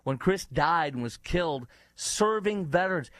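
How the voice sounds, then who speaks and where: A man's voice: a little high, lively intonation, unhurried, few pauses, a bit bright, dry recording. A man hosting a talk show, giving heated, indignant political commentary with many fillers and restarts. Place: studio in Dallas.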